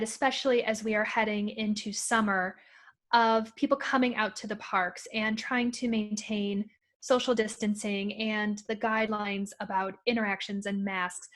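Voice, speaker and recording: Lady host on a zoom call, kinda high voice, reading out viewer questions. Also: fairly bright tone. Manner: asks questions, summarizes audience comments. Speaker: moderator. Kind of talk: moderating a live video call. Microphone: video call.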